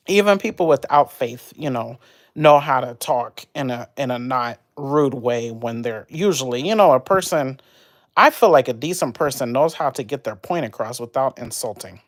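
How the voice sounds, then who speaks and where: A woman's voice: very deep voice, moderate pace, dry recording, studio quality. Chatty woman venting on a livestream. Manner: rambling, animated, venting about an argument. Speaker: livestream host. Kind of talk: casual livestream chat.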